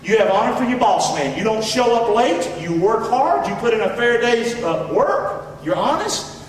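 A man with a Southern accent preaching a sermon in a folksy way, swinging between loud shouts and low asides. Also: very animated, normal speed, slight background noise. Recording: echoey hall, voice from far off.

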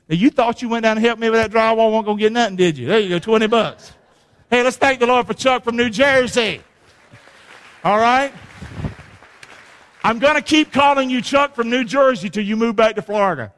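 A man preaching a sermon, animated and calling on the congregation to answer back. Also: high voice. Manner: animated, call-and-response with the congregation. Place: church hall. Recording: long hall reverb.

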